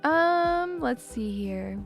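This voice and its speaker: A woman's voice: sits high, lively intonation, very slow, gravelly, faint music behind. A young woman hosting a livestream, chatting casually with her chat and laughing often. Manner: giggly, chatty, lots of laughing. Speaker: streamer host.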